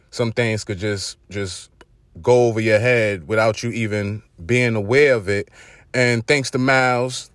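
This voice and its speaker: A young man with a Brooklyn accent hosts his own vlog in a relaxed, slangy monologue. He talks loosely, restarting sentences and filling gaps with ums. His voice sits at an ordinary pitch and sounds dry and close. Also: no echo. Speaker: host.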